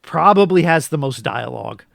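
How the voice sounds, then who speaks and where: A man from Florida co-hosting a casual film review, chatty and quick to give his opinions. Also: a little high, lively intonation, creaky, a bit bright, no room sound, clean studio sound. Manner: chatty, jumps in with quick opinions and mock voices. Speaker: podcast co-host.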